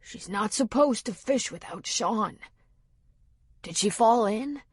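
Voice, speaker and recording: Fields: Figure: a woman doing a big raspy, frightened man. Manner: breathless, childlike. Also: high-pitched, animated, slow, no room sound, clean studio sound, pitched above the performer's own voice, full character voice. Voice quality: raspy, wheezing.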